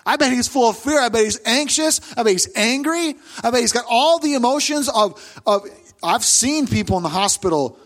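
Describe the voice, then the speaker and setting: A high-pitched, middle-aged man delivers a sermon as a pastor, telling the story with animation and loudly acting out the voices of those he quotes.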